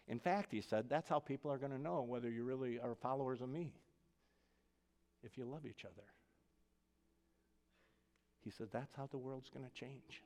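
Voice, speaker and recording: A male pastor delivers a conversational sermon in a church, his smooth, resonant voice carried by a long hall reverb. He moves between casual, lively asides and a hushed, gentle tone for scripture and prayer. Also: mid-range voice, moderate pace, pauses often. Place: church sanctuary.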